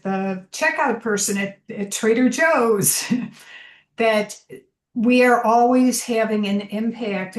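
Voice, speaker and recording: Woman, call participant, slow, echoey room, thankful reflection. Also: mid-range voice. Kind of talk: sharing a reflection on a video call. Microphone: video call.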